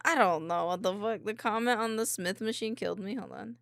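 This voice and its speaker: A woman streamer reacting to videos in casual commentary, excitable, swearing often and laughing a lot. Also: mid-range voice, a little fast, creaky, dry recording, studio quality.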